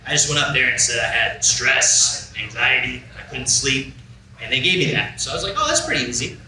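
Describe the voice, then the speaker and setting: A man doing a stand-up comedy set on a club stage, telling a story and acting out both sides of a conversation. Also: a little high. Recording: roomy club, far from the mic, loud crowd noise. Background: audience laughter.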